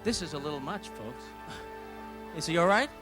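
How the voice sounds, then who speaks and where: High-voiced nervous male stage host. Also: lively intonation, moderate pace, music in the background. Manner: nervous, chatty, questioning. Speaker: show host. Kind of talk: live stage emcee patter.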